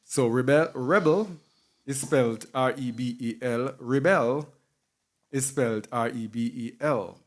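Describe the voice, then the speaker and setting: A man's voice: medium pitch, fairly even intonation, unhurried. A man teaching a sermon with emphasis, repeating key words and spelling some out letter by letter. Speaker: Bible teacher.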